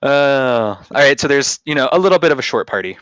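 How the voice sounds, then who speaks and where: A man's voice: mid-range voice, lively intonation, fairly quick, fairly bright tone, clean tone, no echo, low-quality recording. A man running a tabletop game as game master, narrating loosely and jokingly. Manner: loose, joking, rambling with fillers.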